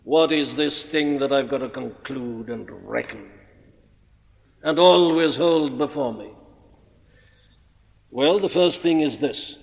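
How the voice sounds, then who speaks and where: A man preaching an expository sermon, emphatic and deliberate, posing rhetorical questions and answering them. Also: fairly high pitch, expressive. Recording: muffled old recording in a reverberant hall.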